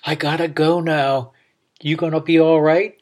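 A man doing a soft-spoken young woman. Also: a little high, level tone, a little slow, voice pushed up, natural voice. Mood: concerned. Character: nervous young woman, plainspoken and kind.

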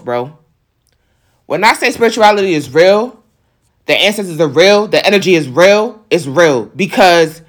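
A woman recounts a run-in to her viewers, her voice sitting at an ordinary middle pitch. She talks casually and emphatically, leaning on slang and repeated asides to the audience. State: on the verge of tears. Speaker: vlogger telling a personal story.

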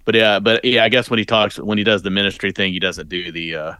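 A man's voice: fairly low pitch, flat delivery, fast talker, bright, forceful tone, clean tone, no room sound, studio quality. A man co-hosting a podcast in casual chat, rambling with lots of restarts and fillers. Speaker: podcast co-host.

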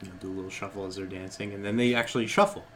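A man's voice: sits low, rapid-fire, a little hiss or hum. A man co-hosting a podcast, casually retelling a cartoon scene by scene with an easy storytelling manner. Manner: storytelling, relaxed recounting with laughs. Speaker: podcast co-host. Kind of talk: casual chat recapping a cartoon. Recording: background crowd chatter.

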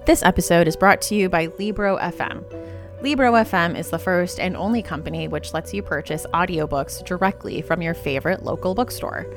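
Woman, upbeat ad read, lowish voice, music underneath. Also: brisk. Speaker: podcast host reading an ad. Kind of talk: read sponsor spot. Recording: music bed behind the voice.

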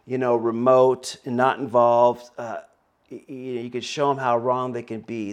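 Conversational male preacher with many fillers. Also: mid-range voice. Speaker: pastor. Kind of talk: sermon.

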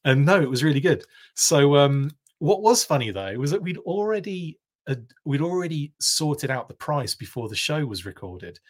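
Very animated and on the high side, this British live-stream host speaks at a moderate pace. He's casually chatting, spinning a long anecdote that wanders through tangent after tangent.

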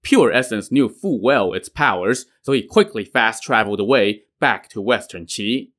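A man narrating a classic novel in an even, plain-spoken way as a storyteller. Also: on the low side, normal speed.

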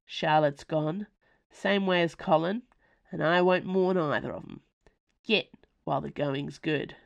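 A woman's voice: low voice, unhurried, gravelly, no echo, muffled recording. Woman putting on a furious, scornful older woman. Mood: angry, scornful. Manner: hostile, scornful. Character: furious bitter working-class woman.

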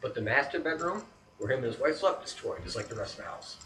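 Animated male storyteller in an echoey room. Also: medium pitch, fast. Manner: animated, acts out scenes with sound effects, checks in with "right?". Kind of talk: casual spoken storytelling. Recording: roomy echo, distant mic, faint background noise.

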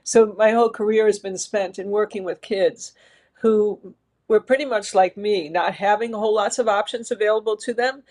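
A woman's voice: mid-range voice, fairly even intonation, normal speed, a little mellow. Earnest middle-aged woman telling her story. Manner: earnest, reflective, speaks in long winding sentences. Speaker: interview guest, education leader. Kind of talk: reflective personal storytelling in an interview.

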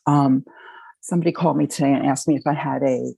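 A middle-aged woman with a husky, gravelly voice shares her recovery story in a halting, emotional manner. Her tone is dark and mellow, and the sound is dry and close. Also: a bass voice, fairly even intonation, no room sound, low-quality recording. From Baltimore, Maryland. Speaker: recovery meeting speaker. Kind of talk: personal sharing.

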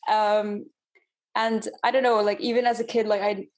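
A woman's voice: medium pitch, flat delivery, normal speed. Chatty young woman, mixed accent. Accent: mixed British, American and Filipino. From Philippines. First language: Filipino language. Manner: rambling, frequent "like" fillers. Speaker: podcast guest. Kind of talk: casual chat.

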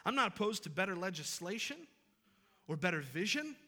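A pastor preaching a Sunday sermon, talking conversationally and then building to emphatic, repeated phrases. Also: male voice, sits high, big pitch swings, fairly quick, bright, forceful tone. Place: church sanctuary. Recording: long reverb of a large hall.

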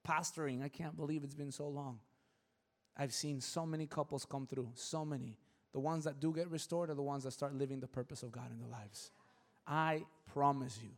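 A middle-aged male pastor preaching a sermon in a conversational way, often checking that listeners follow and swinging from quiet talk to shouts. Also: fairly high pitch.

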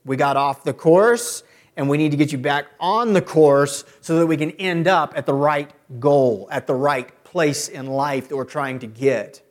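A middle-aged man preaching a sermon as a pastor. He often builds to loud, emphatic peaks. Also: fairly high pitch, measured pace.

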